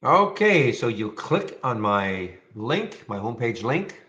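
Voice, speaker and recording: A man's voice: mid-range voice, very animated, slow pace, bright, forceful tone. Chatty man hosting a live trading stream. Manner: chatty, thinks aloud, restarts sentences. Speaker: live trading room host. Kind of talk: casual live-stream commentary. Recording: slightly dull lo-fi sound.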